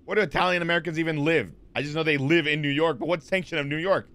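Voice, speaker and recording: A man's voice: a little high, steady tone, fast talker, fairly bright tone. A man in his twenties chatting casually on a live stream, rambling with lots of fillers and restarts as he answers chat.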